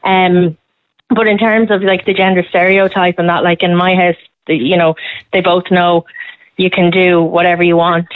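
A woman's voice: on the low side, flat delivery, moderate pace, no echo. Woman caller in her thirties, emphatic and chatty, tinny phone line. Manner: chatty, emphatic, laughs readily. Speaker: caller, podcast host. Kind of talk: casual radio phone-in chat.

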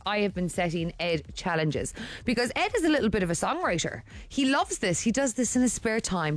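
A woman's voice: mid-range voice, lively intonation, fairly quick. A woman co-hosting a breakfast radio show, bubbly and playful in her banter. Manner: bubbly, playful, slips into put-on accents. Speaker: radio co-host.

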